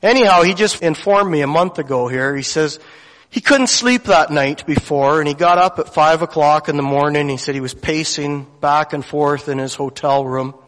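A man's voice: on the high side, normal speed, fairly bright tone. Folksy man preaching in a church. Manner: folksy, conversational asides. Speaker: lay preacher. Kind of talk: sermon storytelling. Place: church sanctuary. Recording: long church hall reverb.

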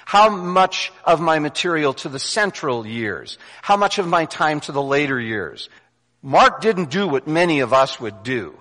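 Man, sermon, fairly high voice, long hall echo. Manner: animated, acts out the disciples' voices, drops to hushed emphasis. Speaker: preacher.

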